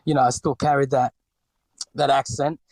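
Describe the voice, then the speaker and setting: A man's voice: medium pitch, flat delivery, normal speed, gravelly, darkish tone, dry recording. A man in his forties from the Philippines with a light Filipino accent, talking as a podcast guest in a hesitant way with many fillers and restarts. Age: 40s. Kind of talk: podcast interview.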